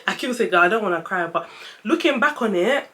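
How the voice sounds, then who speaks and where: A woman's voice: medium pitch, big pitch swings, normal speed, bright, forceful tone. A young woman telling a personal story in a casual vlog, chatty and close to tears at times. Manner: chatty, emotional, fighting back tears. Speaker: vlogger.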